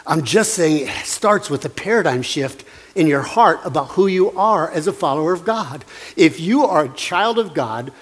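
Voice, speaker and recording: A man with a notably high voice preaches an earnest, conversational sermon, leaning on emphatic repetition to drive points home. His voice carries a long reverb trail, as if he is speaking in a large hall. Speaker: pastor.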